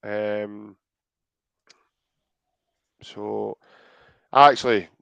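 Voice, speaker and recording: A man's voice: fairly low pitch, fairly even intonation, very slow, creaky, a bit bright, clear, resonant tone, dry recording. Chatty Scottish man hosting a podcast. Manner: joking, chatty, hesitant. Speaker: podcast host. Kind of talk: casual podcast chat.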